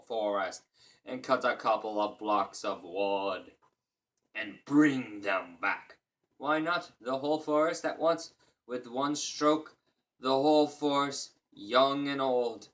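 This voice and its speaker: A man reading a fairy tale aloud at a casual pace and breaking off for crude, joking asides. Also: medium pitch. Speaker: reader.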